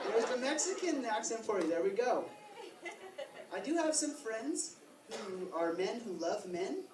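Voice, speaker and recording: A man interpreting aloud for a deaf stand-up comedian, telling jokes in deadpan storytelling with asides, recorded in a comedy club lounge. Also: high voice, measured pace. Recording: distant roomy club mic with crowd and noise.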